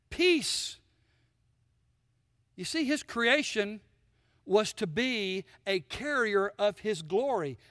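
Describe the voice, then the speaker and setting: Male preacher with a bright, sharp voice; emphatic sermon delivery in a church with long reverb. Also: sits high, clean studio sound. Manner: emphatic preaching, rhetorical questions to the congregation. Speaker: pastor.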